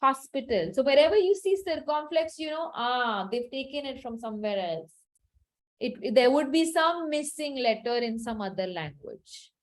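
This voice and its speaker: A woman's voice: sits high, expressive, moderate pace, low-quality recording. A woman teaching a French class online over a video call, patiently repeating each word for her students to drill.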